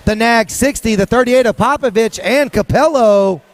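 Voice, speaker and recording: A man with a high, bright voice calls live BMX racing outdoors. He rattles off riders and plate numbers in a quick, rhythmic, sing-song patter. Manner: rapid-fire rhythmic calling, sing-song hype. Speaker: race announcer. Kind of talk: live BMX race commentary. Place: outdoor race track.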